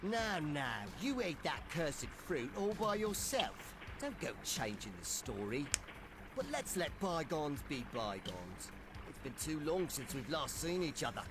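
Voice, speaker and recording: A man voicing a smug, calculating male pirate captain in an English-dubbed fighting game, condescending and smooth. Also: fairly high pitch, big pitch swings, measured pace, background noise. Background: game music.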